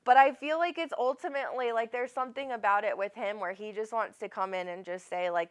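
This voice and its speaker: A woman's voice: medium pitch, a little fast, hardly any pauses. Chatty woman medium. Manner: chatty, rambling, affectionate, calls people honey. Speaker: psychic medium host. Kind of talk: live psychic reading.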